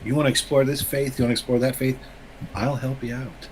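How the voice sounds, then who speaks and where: A man voicing a folksy vampire preacher who pleads softly and earnestly in a tabletop role-play character intro. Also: mid-range voice, steady tone, a little hiss or hum, close to an everyday voice, low-quality recording. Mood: coaxing. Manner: soft, drawn-out preachy pleading.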